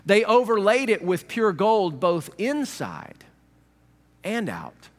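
A male pastor preaching a sermon in a humorous, animated way, acting out little voices. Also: sits high, slow pace, in a large hall.

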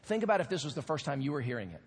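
Husky-voiced man preaching in a reverberant hall. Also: mid-range voice, racing. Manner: animated, earnest preaching with asides. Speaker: pastor. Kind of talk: sermon. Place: church sanctuary.

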